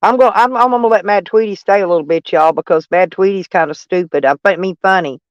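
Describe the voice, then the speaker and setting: A woman's voice: on the low side, fast talker, dry recording, muffled recording. Mocking woman streamer. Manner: mocking, sarcastic, laughing at chat trolls. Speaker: van life streamer. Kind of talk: casual live-stream chat.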